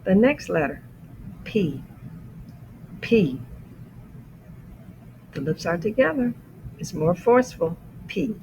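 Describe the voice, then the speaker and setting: A man teaching the letters of the alphabet as an English lesson, saying each letter slowly and explaining how the mouth shapes it. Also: high-pitched, very animated, a little mellow, slight background noise, low-quality recording. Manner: careful, deliberate letter-by-letter demonstration. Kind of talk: slow pronunciation lesson.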